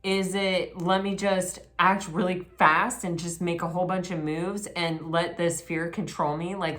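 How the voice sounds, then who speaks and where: A low-voiced woman works through a tarot reading, rambling casually and often restarting her sentences, with occasional bursts of excited exclamation.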